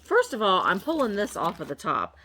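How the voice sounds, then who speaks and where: A woman's voice: medium pitch, huge pitch swings, a little fast, noisy background. A woman vlogger chatting casually as she unboxes a package, gushing over each item and talking playfully to the objects. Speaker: reseller vlogger.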